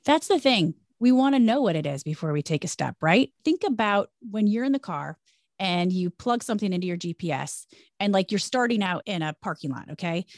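A middle-aged woman, a former broadcaster, talking about faith and career change in an energetic, emphatic way. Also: mid-range voice, a little fast, no echo, studio quality. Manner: energetic, emphatic, preachy storytelling. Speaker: podcast guest, former broadcaster. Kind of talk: conversational faith-based interview.

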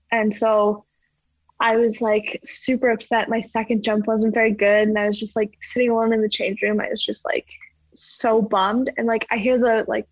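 A woman's voice: fairly high pitch, dry recording, muffled recording. A young woman from Canada, a ski jumper, chatting casually in an interview and filling her talk with "like". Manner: chatty, fills speech with "like".

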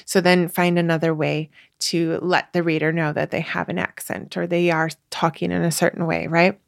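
A woman with a slightly low voice hosts a podcast and shares writing advice. She talks casually, with lots of fillers and self-corrections and the odd light laugh. Her voice sits close to the mic in a very dry, dead-sounding recording. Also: flat delivery, normal speed, vocal fry, dry recording. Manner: chatty, many fillers and restarts; laughs lightly while explaining.

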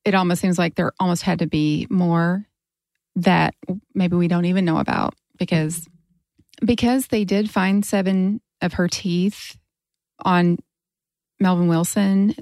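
Dramatic storytelling woman, low voice. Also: steady tone, measured pace, darkish tone, no room sound. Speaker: podcast co-host. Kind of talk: casual storytelling chat.

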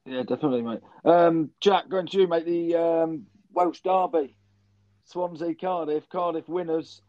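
A man hosting casual football chat, matey and brisk, running through results. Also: on the high side, dry recording. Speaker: podcast host. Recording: dull dry lo-fi sound.

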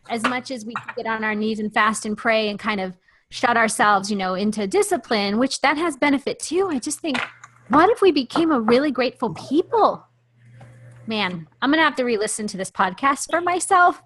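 A woman hosting a faith-based podcast, telling stories in an impassioned, animated way. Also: a little high. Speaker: podcast host.

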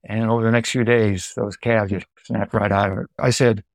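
A middle-aged American man and dairy farmer, telling farm stories in a lively way, acting out what people said and making sound effects. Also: lowish voice, normal speed, vocal fry, no echo, clean studio sound. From United States. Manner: animated storyteller, acts out quotes and sound effects. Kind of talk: anecdotal storytelling.

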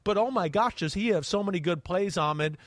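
A man hosting a sports podcast in casual chat, animated and acting out quarterback reads with sound effects. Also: high-pitched, fairly quick, no room sound. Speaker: podcast host and quarterback analyst.

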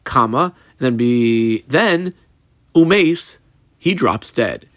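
Animated man teaching a Talmud page. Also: medium pitch, a little slow, no room sound. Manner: animated, mixes Hebrew-Aramaic terms into English explanation. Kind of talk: daily page Talmud class.

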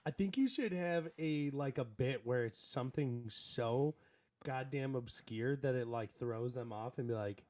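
A man's voice: mid-range voice, unhurried, a little mellow. A young man in casual podcast chat, rambling through a story with lots of "like" and laughter. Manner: rambling, laughing, heavy use of "like". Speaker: podcast co-host.

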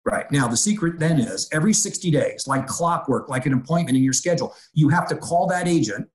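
A man's voice: on the high side, expressive, brisk. A middle-aged man speaking as a real estate executive in a conversational interview, energetically acting out quoted dialogue.

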